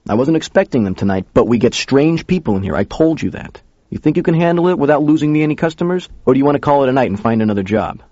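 A man voicing a gruff middle-aged male diner owner who talks bluntly and tests a new hire. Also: mid-range voice, animated, quick pace, a little mellow, no echo, pitched above the performer's own voice, lightly acted. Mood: challenging. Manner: blunt, testing. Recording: dull lo-fi recording.

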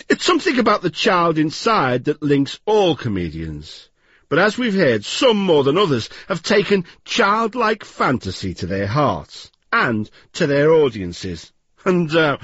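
A man narrates a radio programme in a husky voice, measured and wry, with lively swings of pitch. The studio sound is dry and slightly muffled. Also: no room sound. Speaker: radio presenter. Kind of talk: scripted narration.

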